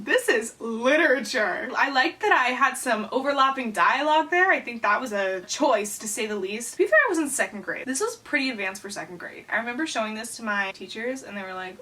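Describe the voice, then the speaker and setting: A woman's voice: on the high side, lively intonation, a little fast, hardly any pauses, pushed and bright. A woman in her twenties reading her own childhood writing aloud and adding sarcastic comments as a YouTuber. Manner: wry, sarcastic.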